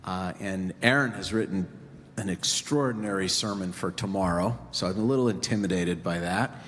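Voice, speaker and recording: A man's voice: low-pitched, moderate pace, a bit bright, slight background noise. A man giving a sermon as a rabbi, in a conversational, joking storytelling way, in a temple sanctuary. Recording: reverberant hall, faint ambience.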